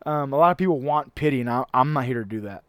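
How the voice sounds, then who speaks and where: A man's voice: mid-range voice, expressive, fast, fairly bright tone, smooth, no room sound. A man talking in a casual chat as a fitness coach, emphatic, with frequent restarts and casual swearing.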